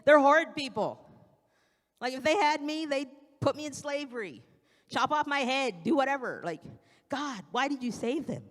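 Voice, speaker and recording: A woman voicing an angry, indignant male prophet in a shrill, complaining outburst during a sermon. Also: lively intonation, normal speed. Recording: long church hall reverb.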